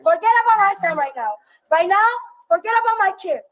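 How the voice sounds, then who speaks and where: An agitated woman shouting and swearing at police, repeating herself, in archived body camera footage. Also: extremely high pitch, animated, fairly quick. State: highly agitated. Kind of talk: heated confrontation with police.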